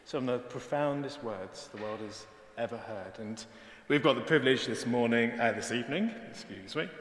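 A man's voice: medium pitch, normal speed. A man preaching an evening sermon in an earnest, conversational way. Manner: earnest, conversational, peppered with "actually". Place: church, indoors. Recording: echoey church hall.

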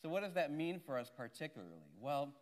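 A man's voice: fairly high pitch, sing-song, fairly quick. A man, a Catholic priest, giving a sermon in a conversational, storytelling way, with frequent asides to the listeners.

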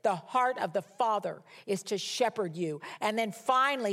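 A woman's voice: mid-range voice, lively intonation, moderate pace, a bit bright. A woman giving a conversational sermon as a Bible teacher, emphatic and repeating key words for stress.

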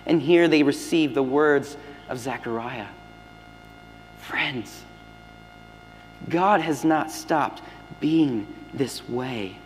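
A man preaching a sermon as pastor, swinging between loud emphatic lines and hushed, near-whispered ones. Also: a little high. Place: church sanctuary. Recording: long hall reverb with faint music.

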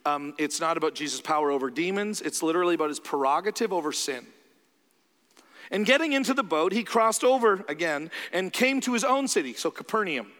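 A man's voice: on the high side, lively intonation, brisk, fairly bright tone, big-room sound. A man preaching a sermon in a loose, conversational way, acting out the voices he quotes.

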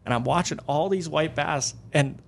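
Excitable man telling fishing stories. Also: fairly high pitch, normal speed, gravelly, slight background noise. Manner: excitable, animated fishing storyteller. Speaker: guest angler. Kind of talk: casual storytelling interview.

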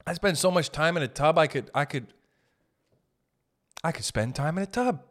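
A young man telling comic stories in a loose, profane rant, riffing with quick asides. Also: fairly high pitch, animated. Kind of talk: comedic storytelling rant.

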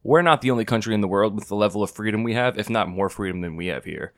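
A man hosting a casual podcast chat, loud and argumentative, swearing freely and pushing his points hard. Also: on the low side, quick pace. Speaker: podcast host.

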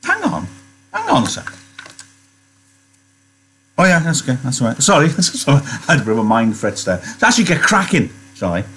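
A man's voice: medium pitch, very animated, fast, few pauses, a bit bright, a little hiss or hum. A man teaching, reading a novel aloud and chatting about it with rhetorical questions.

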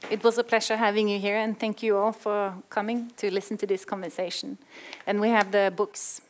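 A woman's voice: mid-range voice, little pitch movement, fairly quick, a little hiss or hum. A woman moderating an author event, opening the floor to questions and thanking the audience. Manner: brief and polite. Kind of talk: moderating a book talk. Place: event room with a live audience.

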